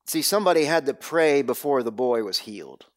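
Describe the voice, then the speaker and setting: A man preaching a sermon, telling the story with dramatic swings between loud bursts and hushed, low lines. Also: animated, a little fast. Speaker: pastor.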